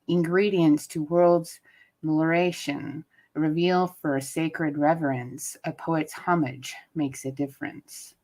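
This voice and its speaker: A chatty woman in her thirties hosts an online poetry open mic from home, her voice fairly low. She reads poems and talks between them over a video call. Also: a little mellow, low-quality recording. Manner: chatty, laughs often. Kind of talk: casual hosting and poetry reading.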